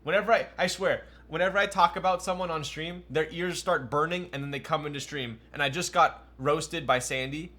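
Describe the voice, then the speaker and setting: A man's voice: fairly high pitch, fairly even intonation, a little fast, few pauses, bright, forceful tone. A young man streaming live, chatting casually and joking at his own expense while building a keyboard and answering his chat. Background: faint music.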